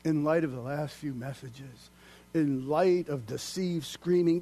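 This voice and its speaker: A male pastor preaching a sermon, swinging from loud, excited declaiming down to hushed, almost whispered lines, then leading a prayer. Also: a little high, a little fast.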